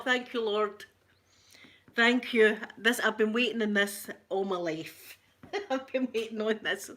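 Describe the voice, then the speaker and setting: A middle-aged Scottish woman hosting a casual livestream chat, excitedly gushing and greeting viewers by name. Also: a little high, a little hiss or hum. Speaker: ASMR livestream host.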